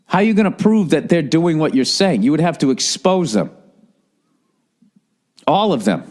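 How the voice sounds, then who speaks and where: A man in his forties delivers a comedic podcast rant, full of sarcasm and swearing. His voice sits a little on the high side for a man, and he talks in an animated way. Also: normal speed. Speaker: podcast host.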